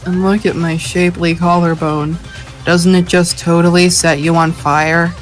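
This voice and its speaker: A man's voice: on the high side, level tone, unhurried, faint music behind, natural voice. A man voicing a vain, bratty teenage girl in a catty, taunting way during a game playthrough.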